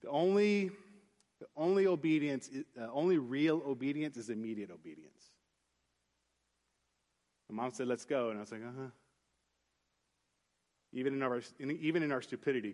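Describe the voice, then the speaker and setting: A man's voice: medium pitch, moderate pace, pauses often. A man preaching a sermon, telling a personal story in an earnest, conversational way with many restarts. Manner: earnest storytelling, rising into animated retelling with acted voices. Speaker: pastor.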